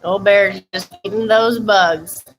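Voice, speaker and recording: A woman's voice: medium pitch, steady tone, takes it slowly, faint music behind, low-quality recording. A woman fitness coach giving chatty, upbeat instructions during a live-streamed workout, laughing now and then between cues.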